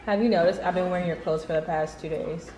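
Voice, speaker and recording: A woman's voice: fairly low pitch, steady tone, quick pace, noisy background. A woman chatting casually in a family vlog, talking to her baby and the camera. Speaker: vlogger.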